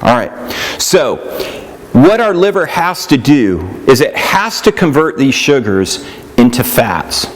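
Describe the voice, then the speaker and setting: A man's voice: medium pitch, sing-song, slow, slight background noise. Chatty man giving a nutrition lecture. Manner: conversational, checks in with "yeah?" and "right?", acts out quoted people. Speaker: nutrition instructor. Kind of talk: casual classroom lecture.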